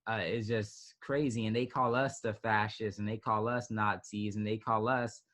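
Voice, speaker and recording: A man's voice: on the low side, flat delivery, normal speed, a bit bright. A man in his twenties, an interview guest telling a personal story casually, with many restarts and fillers. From United States. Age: 20s.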